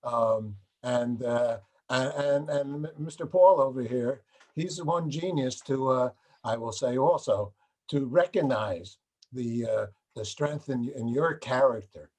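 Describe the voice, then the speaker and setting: A man's voice: medium pitch, a little slow, darkish tone. An older male host who talks in a rambling way in a casual interview, restarting his sentences and laughing as he talks. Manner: rambling, many restarts, laughs while talking.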